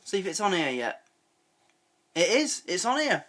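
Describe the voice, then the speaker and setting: A man's voice: high voice, sing-song, moderate pace, fairly bright tone. A man giving casual, chatty reaction commentary on a sitcom, laughing often and restarting his sentences. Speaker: reaction video host.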